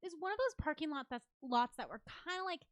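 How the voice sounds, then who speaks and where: Woman host, bright higher pitch, very lively melody, dry close mic, chatty storyteller. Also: quick pace, dry recording. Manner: animated storyteller, acts out quotes. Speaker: comedy show host. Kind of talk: casual comedic chat.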